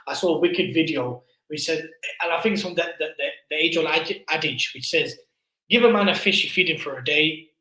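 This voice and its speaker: A man's voice: fairly high pitch, steady tone, a little fast, bright, forceful tone, roomy sound, rough recording. A man hosting a charity fundraising livestream, pleading with viewers in an impassioned, preacher-like way. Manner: impassioned preaching appeal, building in force.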